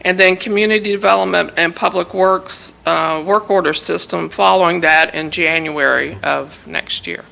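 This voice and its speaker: Gravelly, bright woman presenting at a meeting. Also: lowish voice, fairly even intonation, moderate pace, hardly any pauses, poor audio. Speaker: staff presenter.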